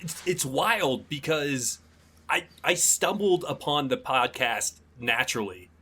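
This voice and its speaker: A man guesting on a casual podcast, telling stories in an enthusiastic, animated way. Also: medium pitch, takes it slowly, husky.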